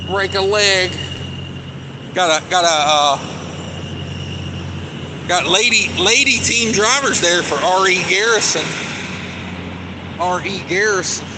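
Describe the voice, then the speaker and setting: Chatty man live-streaming from a noisy truck yard. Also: a little high. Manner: loose, chatty, thinks aloud with many fillers. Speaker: truck driver. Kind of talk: casual live-stream vlog, answering viewer chat. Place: outdoors in a truck lot at a cold storage yard. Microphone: phone held while walking. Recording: loud running refrigeration units and vehicle noise outdoors.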